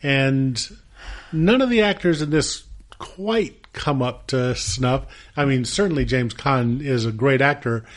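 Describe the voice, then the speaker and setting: Thoughtful man interviewing a guest. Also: medium pitch. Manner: thoughtful, measured opinions with hesitant fillers. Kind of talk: casual interview conversation.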